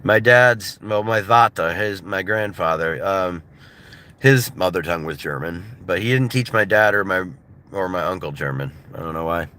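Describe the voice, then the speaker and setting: Casting: American man, thirties, loose laughing livestream chatter, bright ringing voice. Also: sits low, normal speed. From United States. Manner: loose and laughing, filler-heavy, mimics voices for comedy. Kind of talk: casual rambling chat. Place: in a car.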